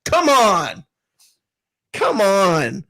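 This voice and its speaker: Sarcastic ranting man, fairly high voice. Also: drawn-out words. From Tampa. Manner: animated, sarcastic, mocks others in a calm put-on voice. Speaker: co-host. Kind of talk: casual sports talk show ranting.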